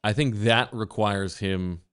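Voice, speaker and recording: A man co-hosting a casual sports podcast, ribbing his partner in quick back-and-forth banter. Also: on the low side, fairly bright tone, clear, resonant tone. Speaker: podcast co-host.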